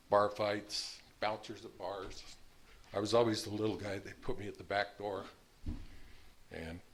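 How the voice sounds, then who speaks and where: Blunt older man with a forceful, low voice. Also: slight background noise. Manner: blunt, plain-spoken, laughs at his own past. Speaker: speaker sharing his recovery story. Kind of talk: personal storytelling.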